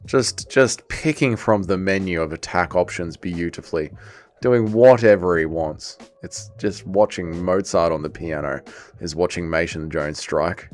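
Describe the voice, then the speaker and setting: Excitable Welsh man streaming fight commentary. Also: sits low, unhurried. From Wales. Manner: excitable, chatty, reads chat aloud. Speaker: livestream host. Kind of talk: casual livestream watch-along commentary.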